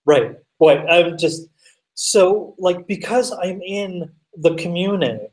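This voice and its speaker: Brief: male guest, animated chatty storyteller with fillers and swearing, sits back from the mic. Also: high voice, slow pace, recorded from a distance, rough recording. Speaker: podcast guest. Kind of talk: casual storytelling.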